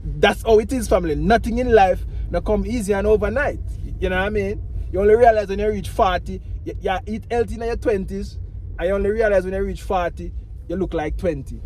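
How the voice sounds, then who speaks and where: A Jamaican man with a fairly high voice chats loosely to his audience, circling back to the same catchphrases. Traffic and street noise sit loud behind him in the outdoor recording. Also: a little fast. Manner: rambling, repeats "you know what I mean" and "family". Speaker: vlogger. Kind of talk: casual talk to camera.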